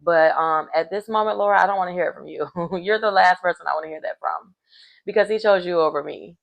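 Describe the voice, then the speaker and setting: Gravelly, low-voiced woman recapping chattily. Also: brisk. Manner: chatty, animated storytelling with frequent fillers. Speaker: reality show recap commentator. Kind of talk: casual chatty retelling.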